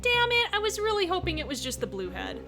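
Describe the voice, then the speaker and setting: A woman streaming a visual novel playthrough, reacting out loud in an excitable, exclamatory way and swearing freely. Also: very high voice, fast. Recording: faint game music behind.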